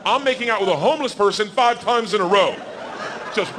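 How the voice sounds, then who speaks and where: A man in his forties doing stand-up storytelling, loud and animated, yelling the quoted lines. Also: high voice, fast talker, in a large hall, crowd noise, background noise. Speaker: stand-up comedian. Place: comedy stage.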